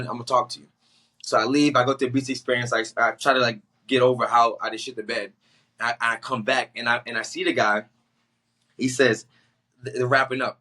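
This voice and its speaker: A young man from the Boston area, a guest on a podcast, telling his story in a casual, animated way, acting out the people he quotes and mixing in slang. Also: mid-range voice. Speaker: guest, actor.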